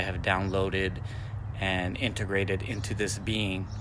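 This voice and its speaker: A spiritual teacher in his forties speaks in a fairly low voice, repeating phrases like affirmations as he teaches. A faint hum of passing traffic sits under his voice. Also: steady tone, moderate pace, a bit bright. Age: 40s.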